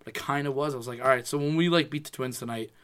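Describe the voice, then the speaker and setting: A man in his twenties telling a sports story in casual chat, animated and profane, often quoting himself. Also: mid-range voice, racing, clean tone.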